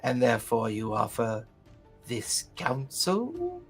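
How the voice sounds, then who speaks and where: A female sea council member questions a visitor, played by a man running the game. She speaks slowly and deliberately, with a probing tone. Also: medium pitch, wildly swooping pitch, creaky, fairly bright tone, husky, soft background music, pitched below the performer's own voice, exaggerated voice.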